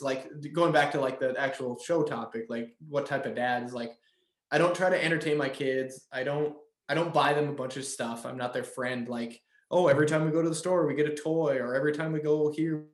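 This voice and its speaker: Rambling dad in an echoey room. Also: male voice, medium pitch, steady tone, normal speed. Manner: rambling, lots of fillers and restarts. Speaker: podcast co-host. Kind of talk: casual podcast chat.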